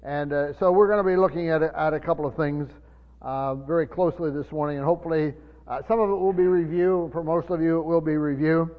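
A man preaching a sermon, teaching from the Bible in a halting way with many fillers and restarts, slowing down to stress key words. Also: a little high, fairly even intonation. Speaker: pastor. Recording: muffled sermon recording in a reverberant hall.

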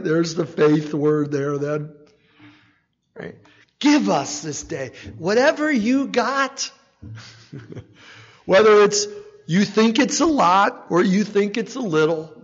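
A man with a high voice delivers a slow, conversational sermon, often asking the room "right?" with a small chuckle. His voice carries a long reverb from a large church hall. The recording sounds muffled and dull. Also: lively intonation, breathy edge. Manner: asks the congregation "right?" again and again, with a light chuckle. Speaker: preacher.

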